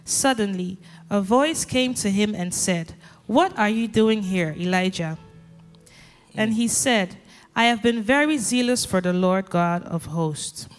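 A woman reads scripture aloud in a measured, even voice of middling pitch. She is picked up from a distance, and the long reverb of a church hall trails after her words. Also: soft background music. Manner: measured, steady reading.

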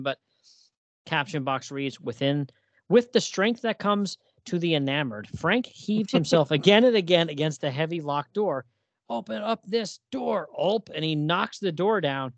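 On a casual podcast about old horror comics, a male co-host reads the dialogue aloud in playful voices. His voice sits on the high side, and the recording is muffled with no echo.

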